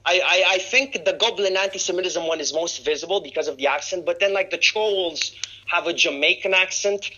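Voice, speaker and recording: Rambling, bright-voiced man on a podcast. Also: high-pitched, a little fast. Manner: rambling, full of "like" and "you know what I mean"; irreverent, swears freely. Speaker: podcast guest. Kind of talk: casual podcast chat. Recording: slightly dull lo-fi recording.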